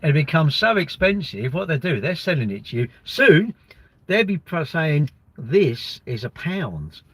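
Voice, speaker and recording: A man's voice: fairly high pitch, big pitch swings, moderate pace, a bit bright, breathy edge, no echo. A man hosting a livestream, chatting casually and joking in a rambling way while reading out viewer messages. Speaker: livestream host reading chat. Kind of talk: casual chat.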